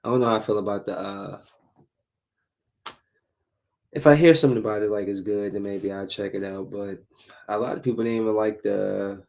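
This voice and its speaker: A man with a low, gravelly voice hosts a casual solo podcast. He talks bluntly in loose slang and keeps circling back to the same points. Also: steady tone, quick pace, a little mellow. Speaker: podcast host.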